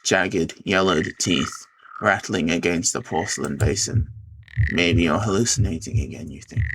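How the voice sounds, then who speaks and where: A man streaming a visual novel, reading it aloud dramatically with excited outbursts. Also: sits low, normal speed, slightly rough. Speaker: game streamer. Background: game music.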